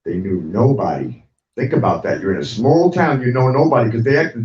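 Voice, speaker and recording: A man's voice: mid-range voice, big pitch swings, normal speed, a little mellow. A middle-aged man hosting an online talk show, ranting angrily and profanely and repeating himself as he speaks straight to viewers. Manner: angry, profane, repetitive, talks straight at viewers. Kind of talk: heated livestream rant. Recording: dull, roomy sound from a distant mic.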